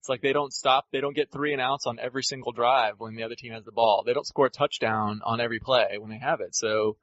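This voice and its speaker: A man's voice: mid-range voice, fairly even intonation, fast, fairly bright tone, no room sound. A man co-hosting a casual sports podcast, ranting and rambling in an exasperated way. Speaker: podcast co-host. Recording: dull lo-fi dry audio.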